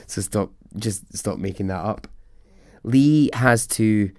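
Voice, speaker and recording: A man with a lowish voice tells a story for his podcast in a chatty, wry way, often laughing at his own asides. The sound is dry and close, with no room around it. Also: slow, darkish tone, no echo. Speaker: podcast host. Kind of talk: casual storytelling.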